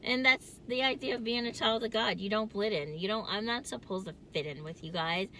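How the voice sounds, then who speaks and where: A woman's voice: medium pitch, brisk, pushed and bright, slight background noise. A woman vlogging from her car in casual chat, with a distinctive nasal voice, rambling and laughing often.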